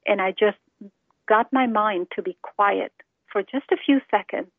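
A woman's voice: medium pitch, measured pace, no echo. Earnest woman on a tinny phone line. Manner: earnest, heartfelt storytelling. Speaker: testimony speaker. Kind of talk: personal conversion testimony.

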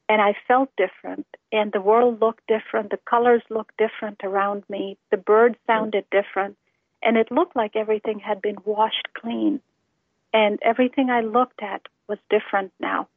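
A woman's voice: mid-range voice, husky, no room sound. A woman giving an earnest, heartfelt personal testimony about her faith. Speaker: testimony speaker. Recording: tinny phone-line sound, dry.

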